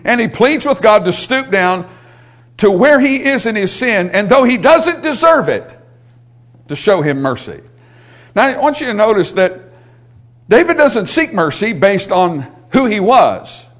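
A man's voice: sits high, very animated, measured pace, a bit bright. A male pastor preaching a sermon, building in intensity and pleading when he quotes scripture.

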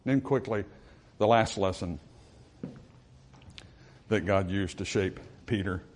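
A man preaching a sermon to his congregation in an earnest voice. He rises for emphasis and then drops low and quiet. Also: slow pace, slight background noise. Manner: reads scripture in old-style phrasing.

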